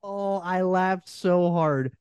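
A man's voice: sits high, slow pace, a little mellow, clean tone, dry recording. A man co-hosting a wrestling podcast, enthusiastic and laughing often. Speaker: podcast co-host. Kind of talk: casual wrestling review chat.

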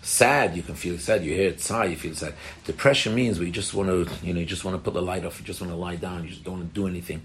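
Deep gravelly man giving a Torah talk. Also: quick pace, a little hiss or hum. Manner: earnest, repeats and restarts phrases, explains plainly. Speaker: rabbi giving a talk to women. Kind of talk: Torah talk with audience questions.

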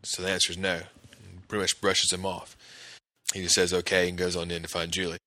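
Guy with a deep voice, punchy forceful tone, rambling episode recap with lots of uhs, dry close mic. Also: monotone, a little fast, no room sound. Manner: conversational, many fillers and restarts. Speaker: podcast host recapping an episode.

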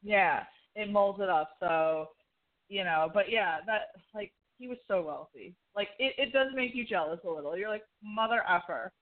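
A woman co-hosts a podcast, chatting casually and telling rambling stories packed with fillers. Her mid-range voice moves at a moderate pace over a tinny, phone-like line.

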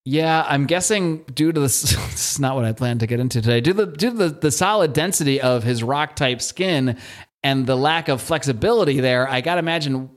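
Medium-pitched and brisk, a young man co-hosts a podcast. He rambles and jokes his way through a comic book recap, using lots of fillers.

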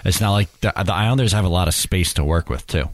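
A man's voice: sits low, quick pace, no room sound. A man in casual sports chat, agreeable and giving short replies.

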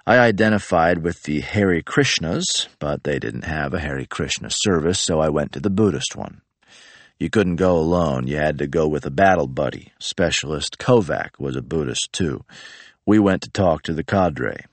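A man narrating an audiobook in a deadpan, matter-of-fact way. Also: a bass voice, normal speed, no echo.

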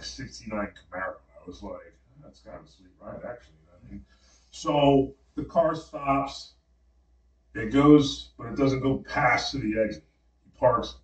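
A man's voice: mid-range voice, highs cut off. Man telling a story in a roomy room. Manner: animated, slangy dream retelling with many fillers. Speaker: podcast guest. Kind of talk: casual storytelling. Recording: roomy, distant mic.

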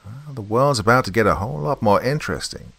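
A smug young villain full of taunting glee, as a man puts him on, a touch higher than the narrator and pushed louder. His deep voice sits close and dry with no room around it. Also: lively intonation, quick pace, vocal fry, dry recording, exaggerated voice. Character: gleeful menacing young man infested with centipedes.

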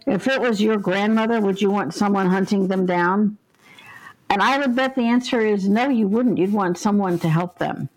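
A woman's voice: mid-range voice, normal speed, darkish tone, rough recording. An older woman, a guest on an interview podcast, telling stories in an earnest, vivid way and acting out the voices in them. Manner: earnest, vivid storyteller who acts out the voices in her stories. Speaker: interview guest, ghost helper.

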